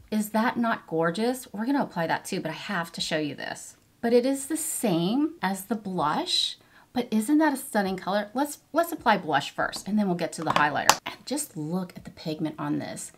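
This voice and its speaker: A woman in her fifties doing a get-ready-with-me makeup tutorial, gushing enthusiastically over each product as she applies it. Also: mid-range voice. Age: 50s. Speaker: beauty vlogger.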